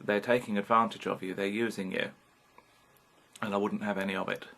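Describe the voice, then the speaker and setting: Gravelly British man in his fifties. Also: on the low side, flat delivery, a little fast, sharp tone. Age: 50s. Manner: frank, rambling, swears casually. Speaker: vlogger. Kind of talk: candid personal vlog monologue.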